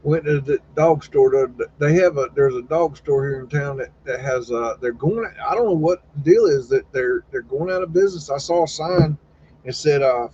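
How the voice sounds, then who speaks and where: Hosting a live stream, this man rambles casually at a normal speed, his fairly high voice a little mellow. His manner is folksy, with casual swearing and retold conversations voiced as quotes. The audio is slightly dull, with faint noise behind it.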